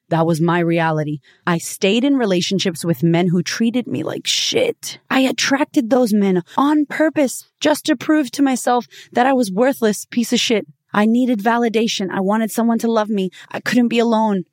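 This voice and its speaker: A woman's voice: medium pitch, darkish tone, no echo. Woman podcast host, cussing motivational pep talk, lots of rhetorical questions, dry close sound. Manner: blunt and profane, with frequent rhetorical questions; emphatic, swinging between punchy and drawn-out phrases.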